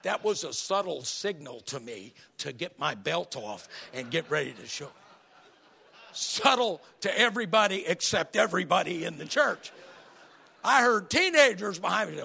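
A man preaching a sermon as pastor, telling folksy stories in an animated, lively way, with a raspy voice. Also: high voice, normal speed.

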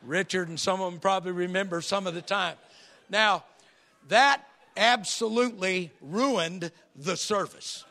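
A man preaching a sermon as pastor, telling folksy stories in an animated, lively way, with a raspy voice. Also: high voice, measured pace.

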